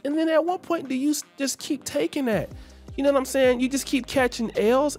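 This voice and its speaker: High-pitched man ranting in heated commentary. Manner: heated, ranting, repetitive emphasis. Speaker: commentary channel host. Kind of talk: opinion commentary monologue.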